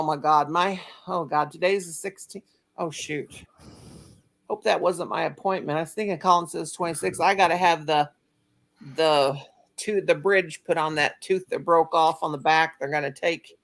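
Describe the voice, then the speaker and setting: A woman's voice: low-pitched, fairly even intonation, normal speed, a bit bright. A middle-aged woman hosting a casual family chat, rambling and telling stories with a lot of laughter. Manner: rambling, chatty storyteller who laughs a lot. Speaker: channel host.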